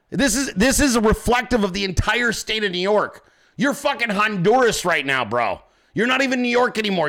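A man hosting a political show, ranting angrily and swearing constantly. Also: high voice. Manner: angry, profane, shouting rant. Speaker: podcast host. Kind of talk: political commentary rant.

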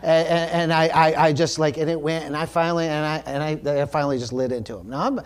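A male pastor in the middle of a sermon, telling a story about himself with candor and a self-deprecating streak. His voice sits a little higher than most men's. He preaches to a church congregation. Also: steady tone, quick pace, clean tone. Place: church service.

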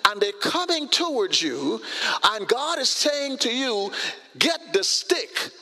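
Animated high-voiced male preacher. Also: vocal fry, big-room sound. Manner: animated, conversational preaching with vivid everyday scenarios. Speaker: pastor. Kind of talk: sermon.

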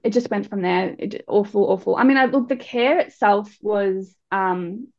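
A young adult woman speaks with a gravelly, fry-edged voice, frank and candid as she tells her story to an interviewer. She often restarts her sentences. The recording sounds dull and lo-fi. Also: mid-range voice, moderate pace, darkish tone. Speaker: guest speaker.

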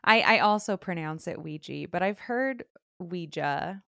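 A woman's voice: medium pitch, expressive, moderate pace, a bit bright, smooth, dry recording. A young woman from Southern California co-hosting a podcast, rambling casually and hesitantly on a close mic. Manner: rambling, hesitant, restarts and fillers. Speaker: podcast co-host.

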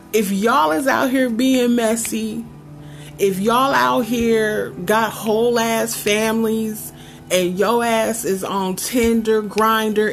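A woman hosting a podcast, reviewing a show in a sassy, sarcastic, chatty way with lively asides. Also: a little high. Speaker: podcast host.

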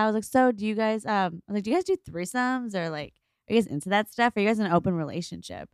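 A young woman co-hosting a casual podcast chat, telling a story with acted-out quotes, big pitch jumps and frequent swearing. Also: lively intonation, very fast, clean tone, no echo, studio quality. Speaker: podcast co-host.

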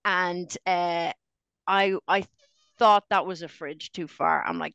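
A woman's voice: slow, gravelly, clear, resonant tone, no room sound. Chatty woman, dry mic. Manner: animated, jokey, sudden high exclamations. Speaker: podcast co-host. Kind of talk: casual pub chat.

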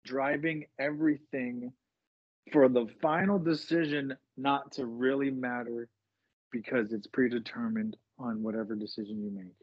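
A man co-hosting a casual podcast chat, laying out his argument in a measured, lengthy way. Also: medium pitch, steady tone, husky, no echo. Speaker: podcast co-host. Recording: dry, dull lo-fi podcast audio.

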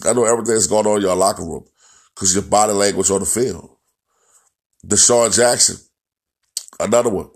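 A man goes off on a sports rant in a lowish voice. He is blunt and profane and keeps repeating his points as he hammers them home. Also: steady tone, a little fast, long pauses. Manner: blunt, profane, repetitive, ranting. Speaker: football commentator.

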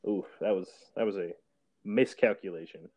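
A man's voice: fairly low pitch, expressive, brisk, dark tone. A young man joining a radio show remotely, making wry, dry jokes. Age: young adult. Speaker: guest, host's younger brother. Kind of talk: casual chat. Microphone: remote call app. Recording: thin phone-like line over a remote app.

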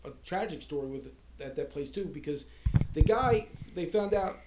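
A man casually telling a story, animated and swearing a lot, acting out what others said. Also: on the high side, normal speed, noisy background. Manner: animated, heavy swearing, acts out quoted people. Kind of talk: casual spoken anecdote.

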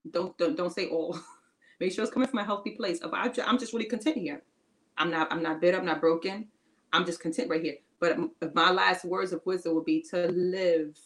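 Woman podcast co-host, fairly low voice, preachy and emphatic, repeats her points, loose casual grammar. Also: poor audio. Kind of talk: encouraging faith-based podcast talk.

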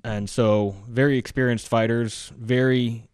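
A man's voice: medium pitch, unhurried, clear, resonant tone, dry recording. Man telling war stories, dry close mic. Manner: animated war-story telling, loose and conversational. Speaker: podcast guest or host, military veteran. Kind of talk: casual storytelling conversation.

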